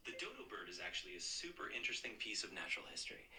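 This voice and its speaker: A man's voice: fairly low pitch, huge pitch swings, racing, pushed and bright, rough recording. A man's synthetic voice-assistant voice, eager and agreeable, played from a phone speaker.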